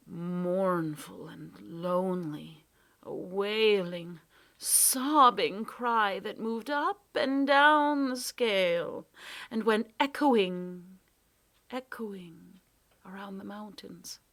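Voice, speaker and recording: A woman's voice: medium pitch, extremely slow, fairly bright tone. A woman reading a children's adventure book aloud with dramatic storytelling. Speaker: reader.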